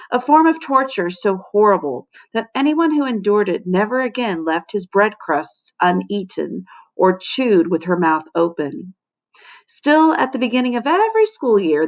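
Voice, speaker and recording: Woman, teacher, children's book read-aloud, expressive, dramatic pauses. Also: medium pitch, creaky. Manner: expressive, dramatic storytelling with slowed emphasis. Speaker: fourth grade teacher.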